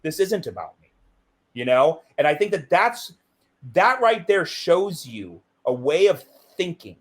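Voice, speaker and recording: Lively, animated man telling stories. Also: measured pace. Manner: animated, acts out quoted dialogue with big pitch jumps. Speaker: guest. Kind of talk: candid interview storytelling.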